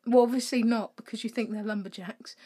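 A young woman co-hosting a casual podcast, her voice sitting a little high. She rambles and laughs at herself as she talks. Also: fairly even intonation, brisk, warm tone, slightly rough. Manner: giggly, rambling, self-deprecating. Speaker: podcast co-host. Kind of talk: casual chat.

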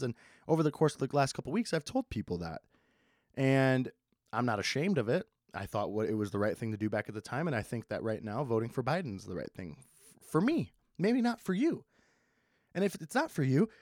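A young man hosting a casual solo podcast, rambling with sarcasm and plenty of swearing, speeding up and slowing down as he goes. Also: mid-range voice, no echo, studio quality. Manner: sarcastic, swears a lot, swings between fast and slow. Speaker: podcast host.

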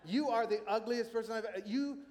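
A pastor voicing a rude parrot in a pet store joke, taunting and loud. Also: male voice, very high voice, pitched above the performer's own voice. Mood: insulting. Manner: taunting, loud, drawn-out spelling. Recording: long hall reverb.

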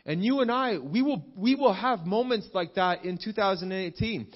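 A man's voice: high-pitched, lively intonation, normal speed, lo-fi sound. A man in his thirties preaching a sermon, earnest, repeating phrases and asking the congregation "amen?". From Canada. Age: 30s. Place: church service.

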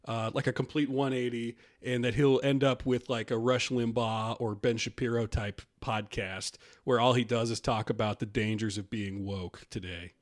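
A man's voice: medium pitch, fairly even intonation, moderate pace, hardly any pauses. A man co-hosting a comedy podcast, talking in a rambling, casual way and laughing often. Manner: rambling, laughs often, quotes people in put-on voices. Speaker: podcast co-host.

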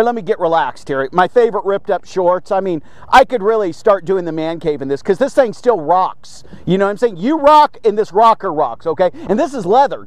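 A man's voice: high voice, no echo. A man hosting a devotional podcast, talking casually and jokily while he preaches, recorded on a phone outdoors. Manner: chatty, repeats "okay?" often, jokey asides. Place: outdoors, sitting in a chair in a lot.

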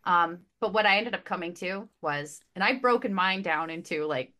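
Gushing, expressive woman in casual book chat. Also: on the low side. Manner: quick restarts and repeated words. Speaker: podcast panelist.

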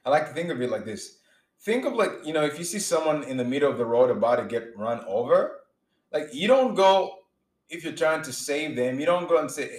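This man's voice sits a little high, swings widely in pitch, and moves at a normal speed. He preaches informally, earnest and emphatic, often restarting sentences and acting out his examples, and the recording has a roomy echo.

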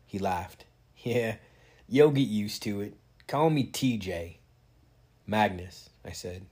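A man's voice: fairly low pitch, animated, takes it slowly, darkish tone, breathy edge. A man reading a novel aloud in a casual way, giving the characters light voices. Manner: reads with light character voices and stops to chat. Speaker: reader.

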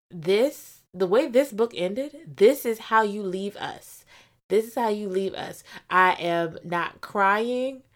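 A woman giving a casual book review vlog, gushing and animated, dropping to whispers for emphasis. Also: lowish voice.

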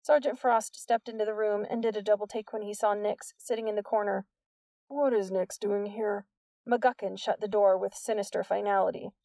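Woman narrator, gravelly voice, dry and a bit far from the mic. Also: medium pitch, flat delivery, fairly quick, few pauses, dark tone, dry recording. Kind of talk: audiobook narration.

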